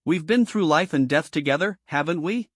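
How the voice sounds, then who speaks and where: A man voicing a gentle, hesitant young woman, slightly tipsy, speaking shyly to a friend. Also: a little high, expressive, normal speed, no room sound, clean studio sound.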